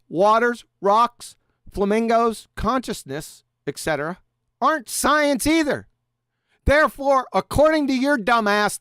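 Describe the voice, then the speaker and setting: A man ranting sarcastically at a critic, swearing heavily and swinging between loud jabs and low mutters. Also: clear, resonant tone, no room sound, studio quality. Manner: sarcastic, insulting, heavy swearing. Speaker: YouTube debunker. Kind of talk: profane mocking rant reacting to a critic.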